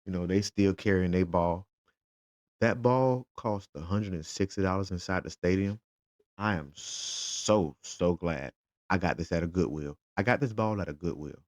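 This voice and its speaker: A father with a low-pitched voice talks at a normal speed in a clean, echo-free studio recording. He casually retells his day as a fan in a storytelling vlog, animatedly acting out the conversations he had in quotes.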